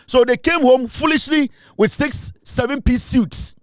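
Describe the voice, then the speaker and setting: Fiery Ghanaian man, high voice, dry sound. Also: unhurried, no room sound. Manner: heated, scornful, repetitive, switching into Twi. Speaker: political commentator. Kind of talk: impassioned political monologue.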